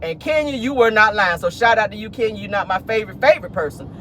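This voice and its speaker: A man hosting a casual celebrity gossip vlog from his car, talking with animated, laughing, playful sass. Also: high-pitched, fast talker, slight background noise. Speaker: host.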